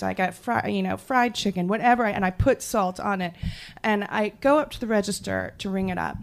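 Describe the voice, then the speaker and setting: A woman from the Jersey Shore telling a personal story live on stage, animated and self-mocking, laughing as she goes. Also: medium pitch, gravelly. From Jersey Shore, USA.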